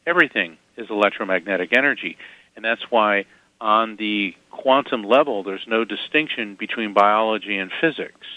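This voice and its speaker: A man's voice: lowish voice, no echo. Chatty man telling stories, lo-fi sound. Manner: animated anecdotes with quick asides and chuckles. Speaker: guest psychic medium. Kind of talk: casual interview storytelling.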